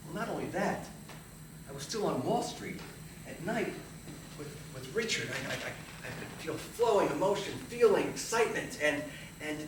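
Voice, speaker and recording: Man performing a solo stage monologue, self-mocking, lively pitch, distant echoey theater, background hum. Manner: animated, self-mocking storytelling. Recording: live stage, distant roomy hall.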